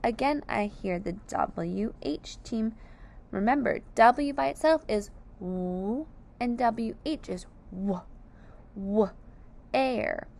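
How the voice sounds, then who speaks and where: A woman's voice: a little high, slow, creaky, a little mellow. A woman teaching phonics to young children, patiently sounding out each word letter by letter.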